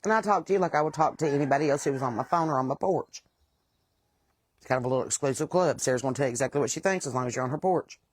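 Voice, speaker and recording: A woman's voice: very deep voice, rapid-fire, no echo. Blunt West Virginian woman. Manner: blunt, plain-spoken and aggravated. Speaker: host. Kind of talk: casual monologue.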